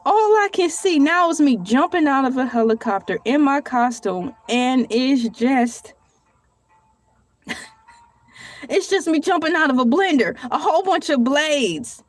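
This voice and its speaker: Slow, playful woman vlogger. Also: high-pitched, animated, faint music behind. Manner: playful, theatrical asides and frequent laughter; colloquial, addresses viewers as y'all. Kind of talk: casual solo vlog, reading aloud and joking.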